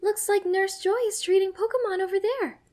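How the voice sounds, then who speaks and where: A frantic young heroine trapped in a boy's body, as a woman reading a fan story puts her on shouts in a very high, shrill voice. The calls are loud and urgent. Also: fairly even intonation, a little fast. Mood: urgent, shouting.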